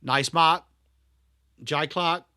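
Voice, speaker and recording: A man's voice: fairly high pitch, extremely slow, sharp tone, dry recording, studio quality. An English man hosting a live football watchalong stream, chatting bluntly with viewers by name between calls on the play. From England. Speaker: livestream host.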